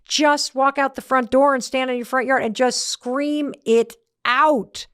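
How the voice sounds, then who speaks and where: A woman's voice: high-pitched, fairly even intonation, unhurried, fairly bright tone, clear, resonant tone, no room sound, studio quality. A woman hosting a motivational talk, telling a story in an emphatic, conversational way. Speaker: host.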